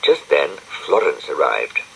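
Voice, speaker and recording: Deep slow storybook narrator, man. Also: huge pitch swings, vocal fry, a bit bright, slight background noise, poor audio. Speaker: audiobook narrator.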